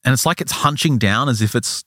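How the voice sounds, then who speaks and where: A man co-hosting a podcast retells a story in casual conversation, animated and quick to act out short quotes. His voice is medium-pitched, and the sound is studio quality with no room sound.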